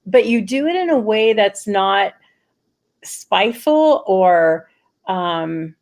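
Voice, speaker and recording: A woman hosting an interview, talking earnestly and thinking aloud in quick rushed bursts. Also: medium pitch, lively intonation, a little mellow. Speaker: host. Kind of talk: reflective conversational interview.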